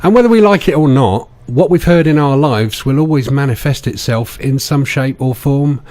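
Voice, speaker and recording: A man's voice: medium pitch, normal speed, a little mellow. A man presenting a radio music show, linking songs in a chatty, playful way.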